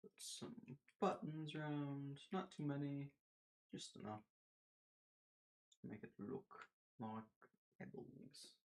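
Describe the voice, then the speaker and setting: A man's voice: mid-range voice, takes it slowly, vocal fry, long pauses. A man giving casual, rambling commentary while playing a building game, talking to himself and slipping into silly put-on voices.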